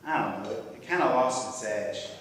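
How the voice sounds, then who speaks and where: A man's voice: on the low side, expressive, normal speed, a little hiss or hum, natural voice. A man acting a self-doubting writer and husband with a wry, self-deprecating manner, performed on a theatre stage. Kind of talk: amateur stage comedy acting. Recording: echoey hall, from far off.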